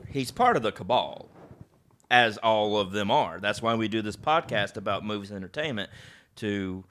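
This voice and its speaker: A man co-hosting a movie podcast in casual comedic chat, often deadpan with short mumbled replies. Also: on the low side, moderate pace. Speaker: podcast co-host.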